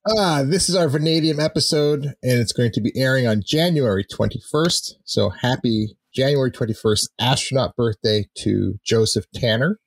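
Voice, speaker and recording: A man cohosting a casual space podcast. He is playful and quick to joke. His voice is husky and lively in pitch, and the sound is dry and close. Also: dry recording. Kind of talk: casual chat.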